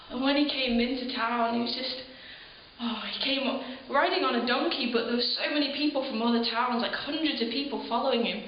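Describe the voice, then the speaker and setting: A woman plays an earnest townswoman eyewitness who pours out her memory in a high, emotional monologue. Her voice rings around a very echoey room, and the recording sounds dull with a faint hiss underneath. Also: steady tone, moderate pace, natural voice. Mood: wondering. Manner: earnest, emotional storytelling with breathy laughs and sighs. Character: ordinary townswoman recalling the crucifixion, earnest. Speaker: eyewitness in a church program video. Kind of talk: dramatic first-person monologue.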